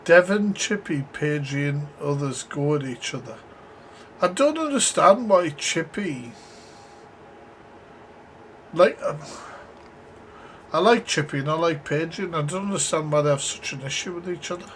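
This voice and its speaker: A man's voice: fairly high pitch, lively intonation, moderate pace, long pauses, a bit bright, a little hiss or hum. A man from the UK reacting to clips on a live stream, blunt and swearing as he talks to his chat.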